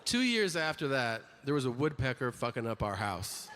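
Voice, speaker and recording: A middle-aged man doing a stand-up routine on a comedy stage, telling crude, deadpan stories with sudden loud outbursts. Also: mid-range voice, normal speed, big-room sound, background noise.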